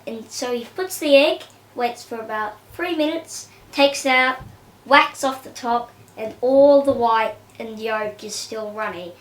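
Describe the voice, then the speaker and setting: High-voiced woman telling family stories. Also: reverberant. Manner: chatty, unhurried, acting out quotes. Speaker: family storyteller. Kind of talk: casual storytelling.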